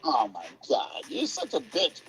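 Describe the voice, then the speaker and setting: Mocking man from Houston, sing-song taunts, high and animated. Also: a little slow, vocal fry, over a noisy crowd. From Houston, Texas. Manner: mocking, jeering, chant-like repetition. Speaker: voice chat participant. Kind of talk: heated trash-talking group chat.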